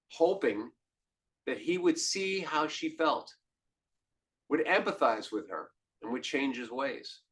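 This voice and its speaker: A man hosting a podcast, telling a story in a monologue. His voice sits at a middling pitch, and he swings from hushed, drawn-out lines to loud, emphatic ones. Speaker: podcast host.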